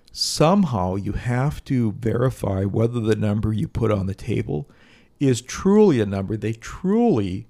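Man, podcast co-host, low gravelly voice, blunt storytelling, casual chat. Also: darkish tone. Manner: storytelling, blunt, laughs now and then.

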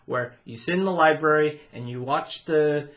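A man's voice: on the high side, moderate pace, fairly bright tone. A man telling anecdotes in casual podcast chat, proudly acting out the quoted lines in his stories. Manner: chatty storyteller, proud, acts out quoted voices. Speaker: podcast co-host, former theme park cast member.

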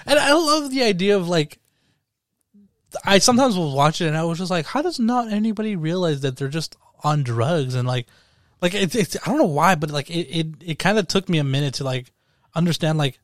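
A young man co-hosting a casual film review podcast, animated and profane, often acting out quotes from scenes. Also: on the high side, fairly quick, no echo, studio quality. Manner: animated, swears a lot, acts out quotes. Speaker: podcast co-host.

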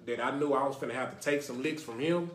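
A man's voice: mid-range voice, quick pace. A young adult man from Dallas, Texas, hosting a casual podcast and rambling, often asking "you know what I mean". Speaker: podcast host. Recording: roomy echo.

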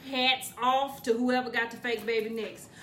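Loud, profane woman telling stories. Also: a little high, normal speed, a little hiss or hum. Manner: profane, animated, loud bursts. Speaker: parent telling a family story. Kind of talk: comedic storytelling.

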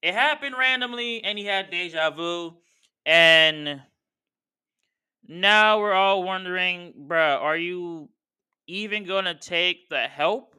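A podcast host rants in casual, slangy commentary, calling out the people he talks about. His voice sits high and sounds bright and crisp. He stays heated the whole way through. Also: slow pace. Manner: slangy, heated, talks straight to wrestlers and fans. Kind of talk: casual wrestling commentary rant.

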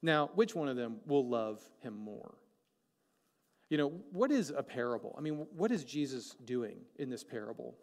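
A man preaching a sermon as pastor, animated and joking, asking the congregation many questions. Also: medium pitch, moderate pace. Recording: long hall reverb.

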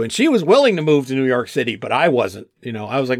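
A man's voice: fairly high pitch, fast, few pauses. A male voice actor, a guest on a podcast, telling stories casually and acting out the people he quotes. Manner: animated storyteller, acts out quotes. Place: outdoors, with gnats around.

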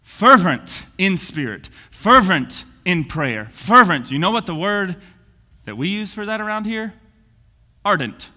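Excitable high-voiced preacher. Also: male voice, unhurried. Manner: excitable, swings from booming to hushed. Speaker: pastor. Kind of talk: energetic sermon. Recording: long reverb of a church hall.

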